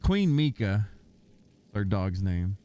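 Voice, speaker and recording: A man chatting casually on a livestream, telling stories with animation and cooing softly at his dog. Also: on the low side, very animated, slow. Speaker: gaming streamer.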